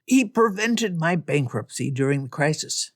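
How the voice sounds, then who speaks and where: A woman's voice: low voice, lively intonation, moderate pace, dry recording, clean studio sound. A woman voicing a modest, earnest young man who speaks plainly, in an audiobook.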